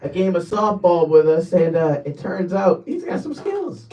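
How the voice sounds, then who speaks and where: A man's voice: high-pitched, big pitch swings, normal speed, recorded from a distance, lo-fi sound, heavy background noise. A man hosting a casual online radio show, loose and laughing like a hype man.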